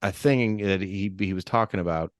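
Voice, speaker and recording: A man's voice: low voice, moderate pace, no echo, clean studio sound. Rambling man on a casual podcast. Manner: rambling, many restarts and fillers. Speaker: podcast co-host. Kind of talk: casual chat about horror movies.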